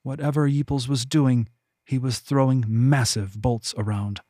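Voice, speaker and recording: A man narrating his own fantasy novel as a podcast audiobook, in measured, even storytelling. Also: mid-range voice, dry recording, studio quality. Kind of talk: scripted narration.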